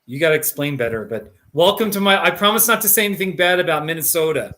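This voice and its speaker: A man's voice: fairly high pitch, expressive, fast, pushed and bright. A man hosting a live stream in casual chat, rambling and jokey, laughing often and restarting his sentences.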